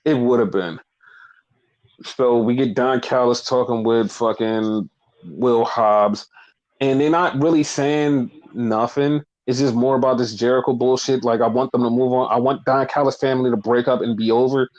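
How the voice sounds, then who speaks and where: A man recapping wrestling in a loose, profane, animated way, cursing freely and leaning hard into his opinions. His voice sits at an ordinary middle pitch. The audio is dull and lo-fi, like a home podcast setup. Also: moderate pace. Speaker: podcast co-host. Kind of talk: casual wrestling recap chat.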